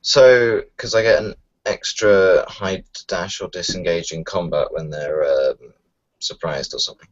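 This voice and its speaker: Deep, slow, unsure male player. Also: steady tone. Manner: unsure, hesitant, thinking aloud. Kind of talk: tabletop game play. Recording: dull lo-fi home recording.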